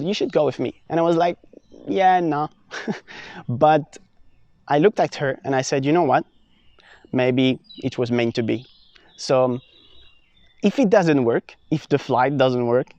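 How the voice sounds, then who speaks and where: A young man from France telling a personal travel story in a casual, animated vlog, full of fillers and restarts. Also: fairly high pitch, dull audio. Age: young adult. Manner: animated, many fillers and restarts, acts out his own past lines. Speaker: vlogger.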